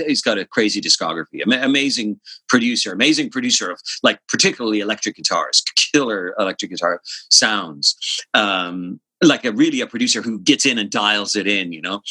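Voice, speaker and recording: A middle-aged man tells stories in a casual chat, swearing freely and acting out the people he quotes. His voice is bright and forceful. The recording is dry and close. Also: on the low side, dry recording, rough recording. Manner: animated storyteller, mimics drum sounds and acts out quotes; swears casually, many fillers. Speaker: session musician guest.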